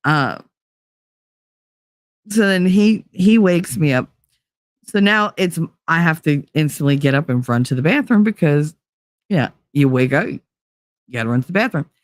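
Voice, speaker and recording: Animated woman host, dry close sound. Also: low-pitched, a little slow, long pauses, dry recording. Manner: animated, swears freely, acts out quotes. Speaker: stream host. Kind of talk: casual storytelling monologue.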